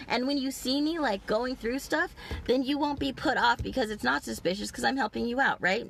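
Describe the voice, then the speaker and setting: A woman's voice: fairly high pitch, fairly quick, gravelly, fairly bright tone. Woman rambling on her vlog, swears a lot, lots of likes and ums, faint noise behind her. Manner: profane, rambling, agitated storytelling with many fillers. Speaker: vlogger. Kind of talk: rambling personal monologue. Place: outdoors in a big parking lot.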